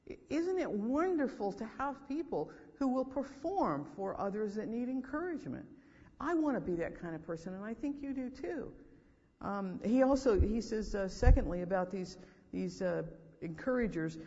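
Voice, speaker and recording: Guy preaching to a school chapel, lively storyteller, muffled recording in a big echoey hall. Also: high voice. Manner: animated storytelling with acted-out quotes. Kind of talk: sermon.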